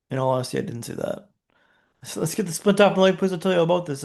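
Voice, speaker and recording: A man's voice: a little high, fast talker, vocal fry, a little mellow. A man, a podcast guest, telling a dramatic personal story in punchy short phrases with rhetorical questions.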